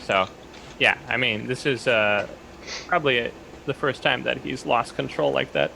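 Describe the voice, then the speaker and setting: Gravelly, bright-toned male player. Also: medium pitch, unhurried, slight background noise, rough recording. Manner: hesitant, full of ums and uhs. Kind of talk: describing his character's actions in a tabletop game.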